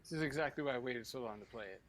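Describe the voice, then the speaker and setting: A man co-hosting a podcast who chimes in with dry, joking asides. His voice is mid-pitched for a man, with a faint noise in the background. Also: rapid-fire, a bit bright. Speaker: podcast co-host. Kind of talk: casual chat.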